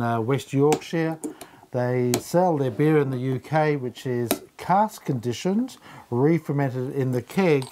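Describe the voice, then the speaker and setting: A man's voice: medium pitch, dark tone, a little hiss or hum. An Australian man co-hosting a beer show, chatting casually and upbeat through a tasting. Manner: chatty, upbeat, uses fillers.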